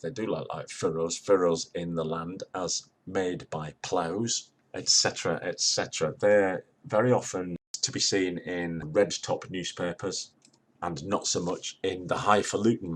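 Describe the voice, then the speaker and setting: A man's voice: low-pitched, slightly rough. An older man giving a dry, explanatory lecture, retelling jokes along the way. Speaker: lecturer on humour. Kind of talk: spoken lecture.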